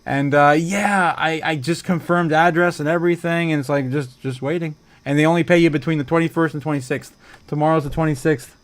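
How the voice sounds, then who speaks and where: A man hosts a casual livestream and reads viewer comments aloud. His voice sits a bit high for a man. He is excitable, laughs often and breaks into loud exclamations. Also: brisk. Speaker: livestream host.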